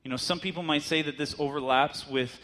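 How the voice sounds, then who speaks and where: Higher-voiced man preaching a sermon. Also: fairly even intonation, brisk, bright, forceful tone. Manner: conversational teaching with rhetorical questions.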